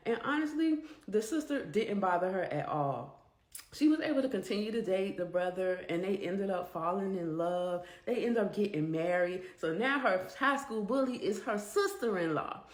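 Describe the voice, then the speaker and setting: Brief: woman storyteller, conversational and animated, mid-range voice, echoey room. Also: mid-range voice, moderate pace. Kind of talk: storytime narration.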